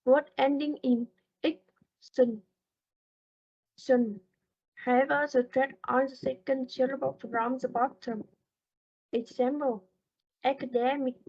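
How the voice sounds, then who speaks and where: A woman with a high voice reads a class presentation on word stress. She goes slowly and carefully, halting between phrases. The recording sounds dull and lo-fi. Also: a little mellow, slightly rough. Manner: slow, careful reading with halting pauses. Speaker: student presenter.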